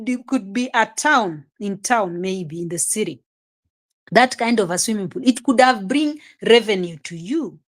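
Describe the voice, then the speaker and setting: A woman's voice: on the high side, expressive, normal speed. A woman giving casual reaction commentary, exclamatory and scolding, chuckling often. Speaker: reaction vlogger.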